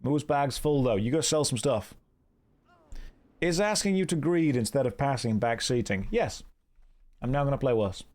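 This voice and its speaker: Streaming an online game, an Englishman talks at medium pitch, animated and at a moderate pace, pausing often. He reads viewers' messages in a wry, teasing manner, chats casually, and warmly thanks those who donate.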